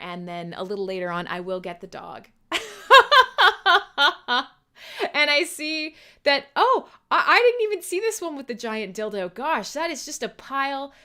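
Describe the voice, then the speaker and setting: A woman's voice: medium pitch, bright, forceful tone. A woman hosting a metal radio show, chatting casually on a live stream, giggly, profane and rambling.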